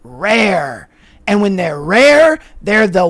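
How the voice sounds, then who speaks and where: A man's voice: sits high, expressive, normal speed. A man hosting a podcast, arguing his point emphatically with rhetorical questions. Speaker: podcast host. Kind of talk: casual podcast commentary.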